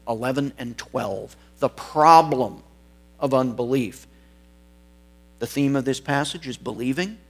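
A man preaching an expository sermon, reading scripture and stressing key words, once correcting himself mid-sentence. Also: mid-range voice.

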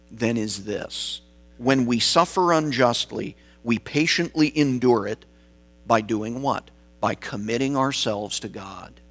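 Slow, deliberate preaching man. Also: mid-range voice, a bit bright. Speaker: pastor. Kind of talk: sermon.

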